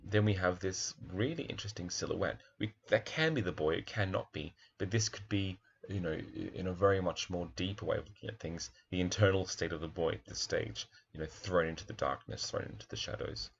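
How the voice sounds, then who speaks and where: A man's voice: sits low, a little fast, gravelly, few pauses, muffled recording, slight background noise. A man, a primary school teacher, talks thoughtfully through a picture book, admiring its pages and asking questions aloud.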